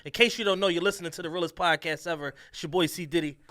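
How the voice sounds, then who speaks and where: A man's voice: fairly high pitch, racing, fairly bright tone. A man co-hosting a casual podcast, talking in laid-back slang and reading the sponsor spot. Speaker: podcast co-host. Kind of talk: casual podcast chat and ad read.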